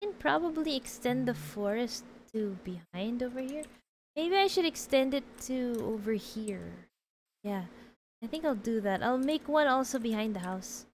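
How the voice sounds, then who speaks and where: A woman's voice: fairly high pitch, animated, normal speed, darkish tone, slight background noise, rough recording. A woman streaming a game, chatting casually, answering chat and laughing often.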